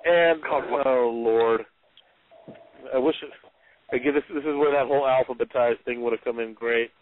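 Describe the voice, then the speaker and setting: A man's voice: mid-range voice, steady tone, moderate pace, slight background noise. Male author guest, wry storyteller, phone-quality audio. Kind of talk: casual chat, reading aloud from his book. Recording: tinny phone-like, dry sound.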